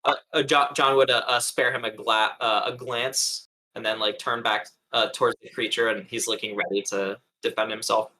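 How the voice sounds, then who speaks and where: A man's voice: fairly low pitch, flat delivery, normal speed, hardly any pauses, sharp tone. A man playing a tabletop game, describing his character's actions hesitantly with many fillers. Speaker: player. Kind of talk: casual tabletop play.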